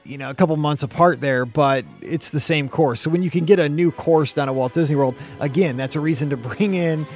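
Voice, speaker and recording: A man's voice: a little high, a little fast, hardly any pauses, darkish tone, soft background music. A man co-hosting a podcast in casual chat, rambling with many restarts. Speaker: podcast co-host.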